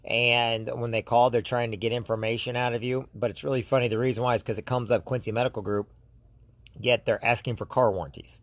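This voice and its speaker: A man from the United States talks casually to his viewers in a vlog, rambling and often restarting his sentences. His voice sits at an ordinary middle pitch. The sound is dry, with no room echo around it. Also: steady tone, a little fast. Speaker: YouTube host.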